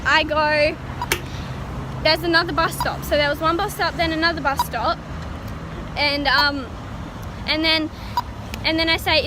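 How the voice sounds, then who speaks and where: A young woman vlogs while walking city streets, telling a story in a rambling, giggly way. Her voice sits high. Traffic and street noise stay loud behind her. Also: fairly even intonation, measured pace, crowd noise. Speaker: vlogger. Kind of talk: casual vlog chat. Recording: noisy street recording.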